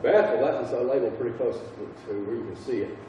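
A man with a Southern US accent teaching a Bible class, halting and repeating himself as he quizzes the group. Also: medium pitch, mellow, a little hiss or hum. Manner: halting, repeats words, asks the class questions. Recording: echoey room from far off, dull sound.

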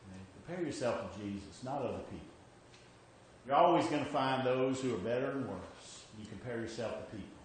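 A man's voice: mid-range voice, lively intonation, brisk, a little hiss or hum. A man preaching a sermon, emphatic, repeating his points and often checking in with "okay?". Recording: very echoey hall with faint ambience.

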